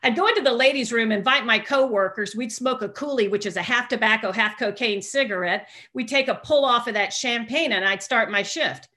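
Bright-voiced woman telling a candid story. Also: a little high, fairly quick, few pauses. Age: middle-aged. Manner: candid, self-deprecating, storytelling with humor. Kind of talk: personal recovery story told to a group.

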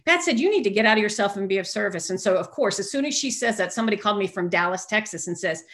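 A woman's voice: mid-range voice, racing. A woman speaking to an audience about her recovery, telling her story with energy and acting out the voices of people she quotes. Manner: animated storyteller who acts out quoted voices. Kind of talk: personal recovery talk to an audience.

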